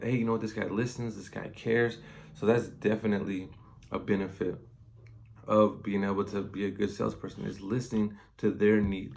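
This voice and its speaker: Low gravelly-voiced man giving advice. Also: slight background noise. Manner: conversational, loose, heavy on fillers. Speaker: inside salesman. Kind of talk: casual advice talk.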